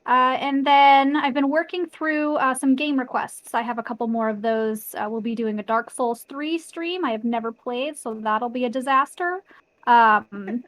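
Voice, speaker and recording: Chatty woman with a higher, dry voice. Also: normal speed, a bit bright, dry recording. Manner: chatty, filler-heavy, self-deprecating. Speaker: guest streamer. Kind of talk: casual chat.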